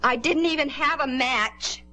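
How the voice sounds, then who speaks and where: A woman's voice: high-pitched, measured pace, bright, forceful tone, soft background music. An actress playing a troubled teenage girl in a 1950s television drama, pleading and insisting on her innocence. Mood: desperate. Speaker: daughter accused of starting fires.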